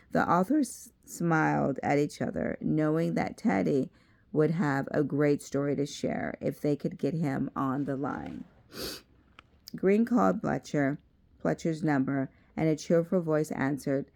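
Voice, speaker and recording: A woman reading a self-help book aloud in a measured way, adding side remarks. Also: deep voice, creaky, darkish tone.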